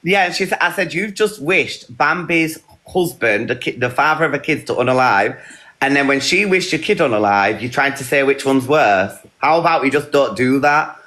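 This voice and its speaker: A man, sounding blunt and worked up, runs through a long tale of a feud on a live stream. His voice sits in an ordinary middle pitch, and he rattles off who said what in quick runs. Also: lively intonation, sharp tone. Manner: blunt, recounting quotes in a rush. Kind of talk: heated casual storytelling.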